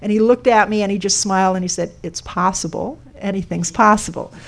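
Presenting a code sculpture to a live audience, a woman explains things step by step and questions the listeners. She talks a little fast in a medium-pitched voice.

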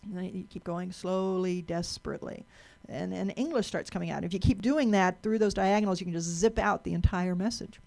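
A woman's voice: fairly low pitch, fairly even intonation, fairly quick, gravelly, a little mellow. A woman giving a talk to a live audience, chatty, asking the room questions and often repeating and restarting words.

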